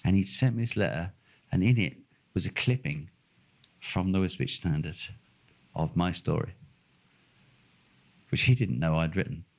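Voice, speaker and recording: He's an older English co-host with a Norfolk accent, his low, creaky voice animated yet moderately paced and broken by frequent pauses. During a casual chat he works through a long anecdote, laughing, swearing without restraint and acting out what people said.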